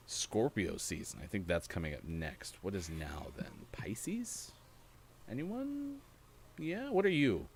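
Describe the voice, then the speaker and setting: A man hosts a gaming morning show in a studio, chatting casually, rambling and laughing. His voice sits low, and the recording carries a little hiss or hum.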